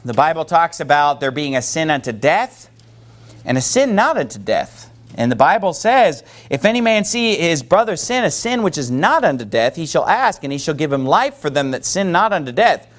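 Pastor, male, high voice, emphatic sermon delivery that keeps questioning the room. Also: very animated, moderate pace.

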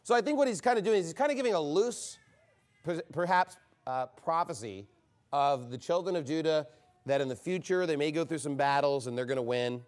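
A man's voice: on the high side, animated, fairly quick. A man preaching a fiery, combative sermon from the pulpit. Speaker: pastor.

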